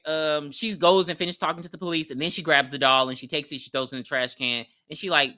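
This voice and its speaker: The speaker, a podcast co-host, barrels through a horror movie recap at a brisk clip with few pauses, using a mid-range voice. Expect casual slang, cursing, frequent laughter, and acted-out lines in an animated retelling.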